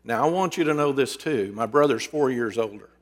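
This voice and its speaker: A middle-aged man preaching and counseling, telling personal stories in an earnest, conversational way with sudden shifts between loud and soft. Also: mid-range voice, expressive, a little fast. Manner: earnest, conversational, with dramatic swings in loudness. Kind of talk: storytelling sermon. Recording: long reverb in a large hall.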